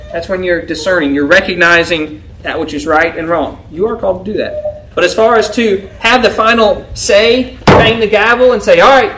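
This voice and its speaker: A man's voice: high-pitched, a bit bright, a little hiss or hum, poor audio. A man preaching a sermon to a congregation in a conversational style, often checking in with them by asking "right?". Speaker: pastor.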